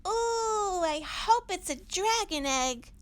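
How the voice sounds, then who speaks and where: A woman voicing an excitable young boy owl chick with high-pitched, squealing protests. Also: slow pace, full character voice. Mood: excited.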